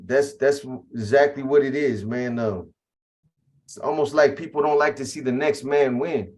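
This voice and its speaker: A man's voice: mid-range voice, steady tone, moderate pace, darkish tone. Casual male interviewer. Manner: casual, agreeing, uses "man" often.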